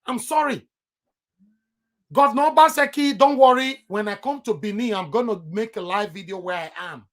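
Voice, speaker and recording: A man's voice: high-pitched, expressive, a little fast, few pauses, a bit bright. Impassioned Nigerian man ranting. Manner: impassioned, emphatic, repeats for stress. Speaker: political commentator. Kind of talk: ranting vlog commentary.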